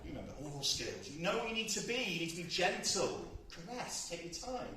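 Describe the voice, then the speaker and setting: A man's voice: high-pitched, big pitch swings, a little fast, bright, forceful tone, slight background noise. A man doing a bawdy, self-mocking stand-up set, laughing at his own jokes on a comedy club stage. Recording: echoey club with crowd, from far off. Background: audience laughing.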